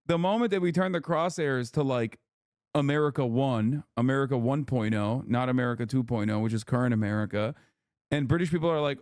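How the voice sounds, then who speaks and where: A man's voice: medium pitch, a little fast, darkish tone, no room sound, clean studio sound. A man live-streaming, reacting to a debate clip with sarcastic casual commentary and reading out chat. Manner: sarcastic, riffs with chat, slips into mock British voice.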